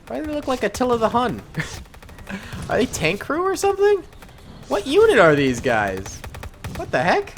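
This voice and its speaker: A young man giving casual commentary on a war game he is playing, excitable and quick to exclaim and laugh, trailing off low when he muses. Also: noisy background. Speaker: gaming YouTuber.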